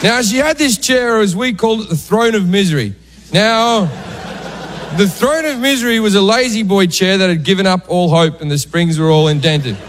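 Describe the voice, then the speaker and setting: A man on stage telling a comic story, his voice sitting high for a man. He slips into loud, angry bursts for the characters. The live club recording carries clear room and crowd noise. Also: moderate pace. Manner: deadpan storytelling with sudden raised acted outbursts. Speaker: stand-up comedian. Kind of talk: stand-up storytelling.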